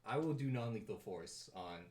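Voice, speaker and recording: Low-voiced man talking through his turn. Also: lively intonation, moderate pace, darkish tone, roomy sound. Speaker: player. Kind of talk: casual tabletop game chat.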